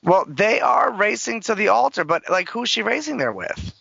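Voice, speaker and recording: An animated show host gossiping about celebrities, the voice swooping up and down with a gravelly edge. It sounds bright and close in a dry, dull lo-fi recording. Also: medium pitch, normal speed, no room sound. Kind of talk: casual celebrity gossip chat.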